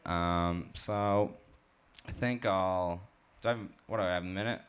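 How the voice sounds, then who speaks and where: A man from Utah performing a stand-up comedy set at an open mic, telling jokes in a halting way with lots of fillers. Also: sits low, clean tone. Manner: halting, filler-heavy joke delivery. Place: live open mic stage.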